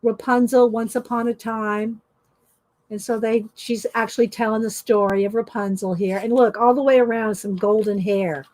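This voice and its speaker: A woman with a slightly high voice and fairly even intonation hosts a casual art journaling chat from home at a normal pace. Chatty and warm-hearted, she laughs often and reads stories aloud with expression.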